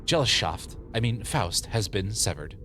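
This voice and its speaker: A man voicing an aloof, know-it-all young woman from a game, in a flat, haughty and formal manner. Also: lowish voice, measured pace, a little hiss or hum, voice pushed down.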